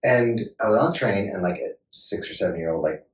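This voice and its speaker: A man from Illinois, an actor and podcast guest, telling lively anecdotes in a casual interview and laughing as he talks. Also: lowish voice, brisk. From Joliet, Illinois, USA. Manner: lively anecdotal storyteller, laughs while talking. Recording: echoey room, mic at a distance, faint noise.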